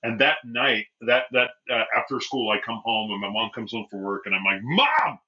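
A man chats on a podcast with a very bright, cutting voice, telling stories full of restarts and quoted voices. The recording sounds a little dull and lo-fi. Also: on the low side, flat delivery, brisk. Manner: rambling storyteller, restarts often, acts out quoted voices. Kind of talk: casual chat.

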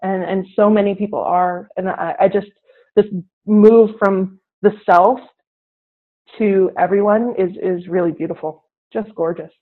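A teacher, a woman, talks through her classroom experiences as an interview guest. She is animated and slips into the voices of her students as she tells a story. Her voice comes through a tinny, narrow line that sounds like a phone call. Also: medium pitch, a little slow. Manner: animated, acts out classroom dialogue.

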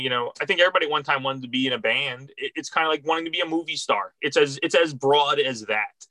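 A middle-aged Philadelphia man who works at a record store tells stories in a casual interview, rambling and heartfelt, restarting often. His medium-pitched voice is bright and forceful, with no room sound.

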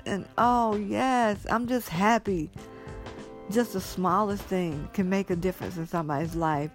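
A woman with a notably low, deep voice talks straight to her viewers in an effusive, rambling way. She sounds teary with joy as she pours out her thanks, and faint music plays underneath. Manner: effusive, grateful, rambling storytelling. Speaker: vlogger. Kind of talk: casual vlog monologue.

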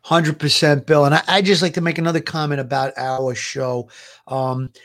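Earnest, higher-voiced retired cop co-host. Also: male voice, flat delivery, normal speed, a bit bright. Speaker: retired police officer co-hosting a live show. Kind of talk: casual livestream commentary.

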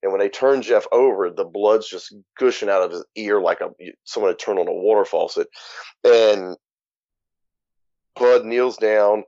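A man's voice: lowish voice, normal speed, dark tone, no room sound. A man speaking as an interview guest, telling his story frankly and casually, swearing and sometimes laughing at grim moments. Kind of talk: candid conversational storytelling. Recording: dull muffled podcast audio.

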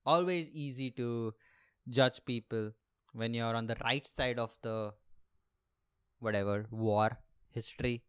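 A man's voice: mid-range voice, steady tone, slow pace, pauses often, a bit bright, clean tone. A young man hosting a podcast, doing a rambling, sarcastic comic monologue and laughing at his own jokes. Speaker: podcast host and aspiring comedian.

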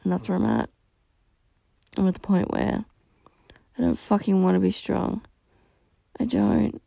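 A woman's voice: fairly low pitch, sing-song, measured pace, vocal fry, dark tone, dry recording. A young woman hosting a solo podcast, talking candidly and rawly about her feelings, venting and swearing often. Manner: raw, venting, frequent swearing. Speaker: podcast host.

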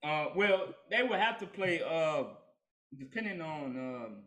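A man co-hosting a casual sports talk debate, halting and stammering, trailing off mid-thought. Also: fairly high pitch, expressive, fairly bright tone.

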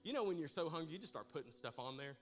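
A man preaching to his congregation, telling a comic personal story with animated, humorous delivery. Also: on the high side, racing, soft background music. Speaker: pastor. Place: church service in a large room.

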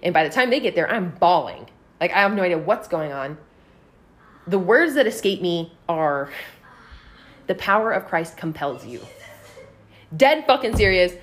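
A woman's voice: lowish voice, moderate pace. Profane woman telling a story. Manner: profane, animated, heavy use of "like". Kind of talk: casual podcast storytelling.

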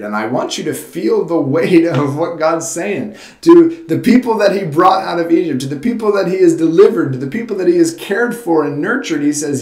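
A man's voice: a little high, darkish tone. A man preaching a sermon as pastor, in an earnest, conversational way with frequent restarts. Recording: roomy echo.

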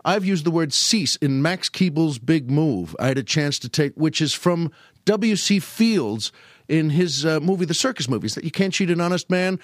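Older guy podcast host rambling about old comedy, pitch all over the place, a bit high. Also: moderate pace, dry recording, studio quality. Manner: animated, slips into high put-on voices quoting old comedians. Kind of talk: casual storytelling monologue.

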